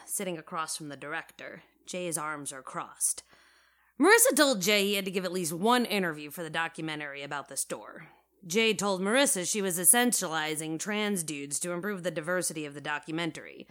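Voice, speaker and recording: A young woman narrating first-person audio fiction in a wry, casual, deadpan way. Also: fairly low pitch.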